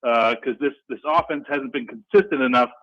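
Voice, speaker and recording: A man calling in to a sports radio show, talking in an energetic, excitable and rambling way. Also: medium pitch, fairly quick. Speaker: regular caller. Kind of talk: casual sports talk radio call. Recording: dull lo-fi phone line.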